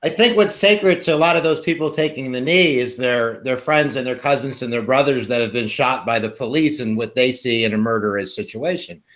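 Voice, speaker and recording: A man speaking in a measured, reflective way in a casual panel debate. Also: medium pitch, fairly bright tone. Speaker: panelist in a discussion.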